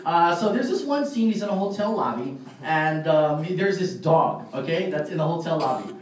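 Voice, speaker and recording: A man's voice: fairly high pitch, normal speed. A man giving a live motivational speech at a party, telling stories with lots of fillers and frequent laughs. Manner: animated storyteller, laughs often, many fillers. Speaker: motivational speaker at a sales party. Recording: very echoey hall, far from mic.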